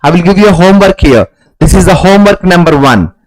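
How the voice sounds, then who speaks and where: A man teaching an exam-prep class online, repeating key phrases over and over and clearing his throat often. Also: sits high, animated, fast, rough recording. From India. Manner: repetitive drilling, frequent throat-clearing. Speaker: English teacher.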